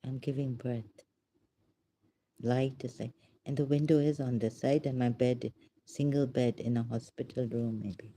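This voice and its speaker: A woman talks slowly in a deep, dark voice, pausing often and sinking into whispers. She sounds overwhelmed and emotional. A faint hiss sits under her voice. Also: fairly even intonation. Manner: halting, hushed, often breaks into whispers. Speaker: vlogger. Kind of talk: unscripted spoken reflection.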